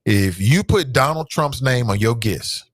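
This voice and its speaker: A man's voice: expressive, measured pace, no room sound, studio quality. A man hosting a talk show, delivering an emphatic, preachy monologue straight to his listeners. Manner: loose and streetwise, with swings in pitch.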